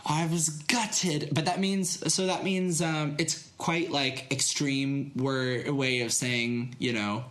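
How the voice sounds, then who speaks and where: An American man co-hosts a casual podcast. His voice sits at a middle pitch. He chats freely, with a playful, self-deprecating humor. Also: steady tone, slow, few pauses, fairly bright tone. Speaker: podcast co-host.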